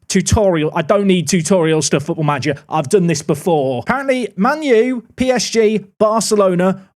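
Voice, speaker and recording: A man's voice: high voice, darkish tone. A man giving casual, wry running commentary while playing a management game, thinking aloud as he goes. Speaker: gaming YouTuber.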